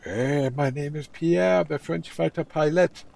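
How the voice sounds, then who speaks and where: Brief: man voicing a proud, smug French fighter pilot, slow gravelly punchlines. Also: on the high side, darkish tone, voice pushed up.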